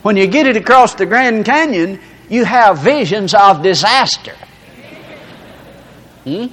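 A man's voice: high voice, lively intonation, measured pace, fairly bright tone. A man preaching a sermon, telling folksy stories with laughter to illustrate his point. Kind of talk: storytelling sermon. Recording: reverberant hall.

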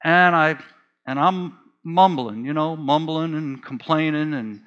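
A man's voice: on the high side, measured pace, fairly bright tone. A man preaching a sermon, telling a personal story with earnest feeling and repeating phrases for emphasis. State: choked up while reading.

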